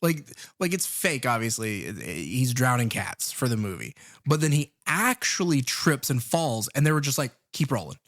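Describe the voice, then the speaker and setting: A man's voice: medium pitch, very animated, normal speed, fairly bright tone, dry recording, clean studio sound. A man co-hosting a podcast, chatting casually and laid-back about a horror film, recapping the plot with plenty of fillers. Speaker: podcast co-host.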